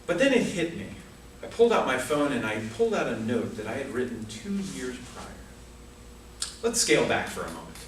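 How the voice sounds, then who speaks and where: A man's voice: medium pitch, big pitch swings, a little fast, slight background noise. A man giving a prepared humorous speech at a speaking club, telling a story with comic asides. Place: club meeting room. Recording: echoey room from far off.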